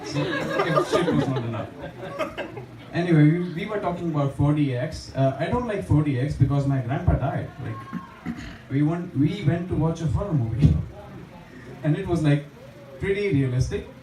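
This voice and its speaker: A man's voice: fairly high pitch, expressive, moderate pace, noisy background. A young man doing open mic stand-up in a small bar, chatty and self-deprecating, with lots of fillers. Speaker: stand-up comedian. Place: small bar stage with a live audience. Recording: echoey bar room, distant mic, audience laughter.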